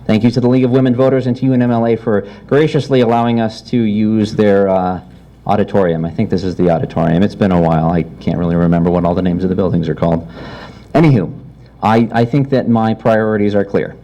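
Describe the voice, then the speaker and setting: A man with a low, mellow voice gives a council candidate's closing statement. He speaks in a friendly, self-deprecating way. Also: fairly even intonation, fast, lo-fi sound.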